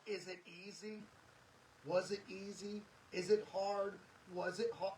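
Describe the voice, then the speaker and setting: Earnest preachy man, high voice. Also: level tone, a little slow, darkish tone, far from the mic, slight background noise, rough recording. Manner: earnest and preachy, emphatic repetition. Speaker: podcast host. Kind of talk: motivational monologue.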